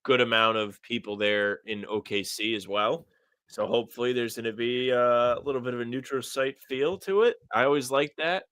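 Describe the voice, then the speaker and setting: A young man co-hosting a casual sports podcast, joking and animated in banter. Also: medium pitch, moderate pace, smooth, dry recording. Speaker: podcast co-host.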